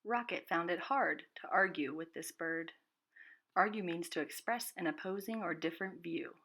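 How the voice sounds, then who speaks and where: A preschool teacher reading a storybook aloud to children and clearly explaining new words. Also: female voice, on the low side, normal speed, fairly bright tone. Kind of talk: storybook read-aloud lesson.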